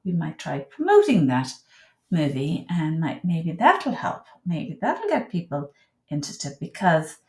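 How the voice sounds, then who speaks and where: A woman talking casually on her own, rambling and emotional, her voice swinging from high outbursts to low murmured prayer. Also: huge pitch swings, unhurried, darkish tone. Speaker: vlogger. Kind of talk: casual monologue to camera. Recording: echoey room.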